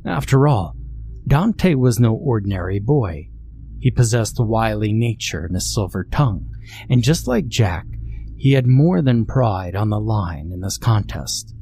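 A man narrating a scary story in a measured, deliberate way. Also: fairly low pitch, animated, mellow, slight background noise. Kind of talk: scripted horror narration.

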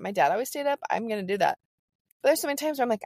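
A woman's voice: medium pitch, lively intonation, quick pace, darkish tone, dry recording, clean studio sound. A woman in her forties co-hosting a parenting podcast, chatting casually and laughing as she tells stories and reads listener questions. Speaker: podcast co-host.

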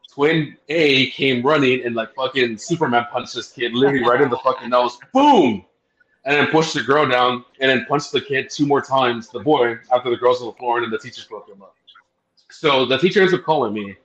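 A man's voice: mid-range voice, a bit bright. A man in his thirties telling stories in a casual podcast chat, profane and laughing often. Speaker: podcast guest. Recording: echoey, dull lo-fi sound.

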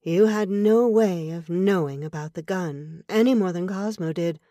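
A woman's voice: on the low side, normal speed, dark tone, no room sound, clean studio sound, natural voice. A woman reading an audiobook, voicing a composed frontier woman on a wagon, polite, earnest and self-possessed. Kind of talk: audiobook character voice.

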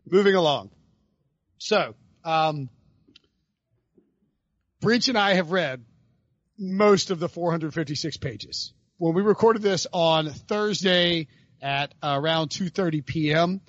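A man hosting a casual podcast talks in a rambling way and laughs as he goes. He often breaks off and restarts his sentences. His voice sits a little high, with a dull, dry, lo-fi sound. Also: a little slow, pauses often, no room sound. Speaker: podcast host. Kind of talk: casual chat.

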